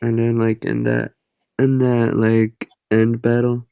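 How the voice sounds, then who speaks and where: A man's voice: mid-range voice, completely flat delivery, takes it slowly, a crowd in the background, rough recording. A young man co-hosting a casual podcast, talking hesitantly with many fillers. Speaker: podcast co-host. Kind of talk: casual chat.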